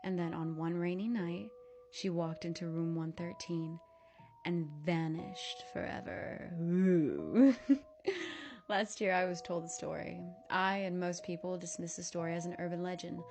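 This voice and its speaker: Young woman, lowish voice, dramatic narration over music. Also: a little slow. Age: young adult. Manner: dramatic, drops to whispers for effect. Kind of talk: scripted storytime narration.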